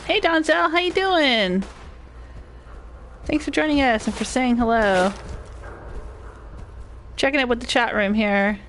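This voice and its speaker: A woman's voice: a little high, a little slow, long pauses, fairly bright tone, slight background noise. An older woman giving rambling, casual commentary while streaming a game and greeting chat viewers. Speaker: gaming streamer. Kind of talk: casual live gameplay commentary.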